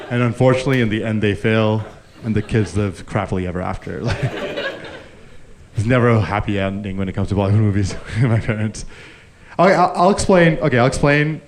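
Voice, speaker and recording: A man's voice: on the low side, fairly quick, a crowd in the background. A man performing a live stand-up comedy set, telling stories and acting out the people in them. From grew up Indian. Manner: animated storytelling, acting out characters. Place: live comedy stage with audience. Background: audience laughter.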